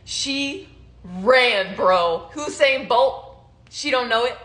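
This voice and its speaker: A woman's voice: fairly high pitch, drawn-out words. A young woman in casual chat, telling a story with laughter and acted-out quotes. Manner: animated, laughing, acts out quotes. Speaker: co-host telling their story. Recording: roomy echo, faint noise.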